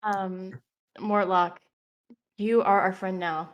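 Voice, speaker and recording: A woman's voice: medium pitch, fairly even intonation, slow pace. A woman playing a tabletop game, talking playfully and with emphasis. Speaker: player. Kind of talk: in-character tabletop play.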